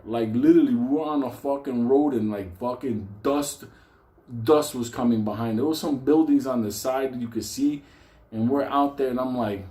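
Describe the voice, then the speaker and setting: A man telling a comic personal story, swearing constantly and laughing often. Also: mid-range voice. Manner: profane, animated, laughs often. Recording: echoey room.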